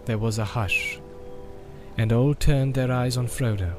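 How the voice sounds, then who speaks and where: A man reading a fantasy novel aloud as narrator, even and unhurried. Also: mid-range voice, over music. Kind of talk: audiobook narration.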